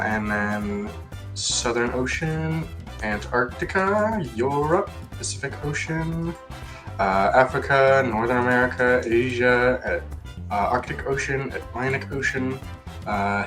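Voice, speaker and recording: A young man, a student, quickly and eagerly reciting geography answers aloud. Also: medium pitch, music in the background.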